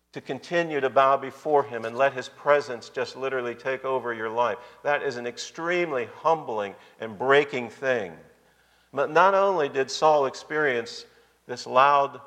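A man's voice: mid-range voice, a bit bright. A man preaching a sermon, speaking emphatically and addressing his congregation directly. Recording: long reverb of a large hall.

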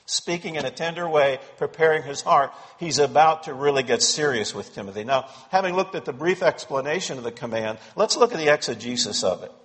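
A man's voice: medium pitch, a bit bright, long reverb tail. A man preaching an expository sermon to his congregation, pressing points with emphatic repetition. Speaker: pastor. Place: church sanctuary.

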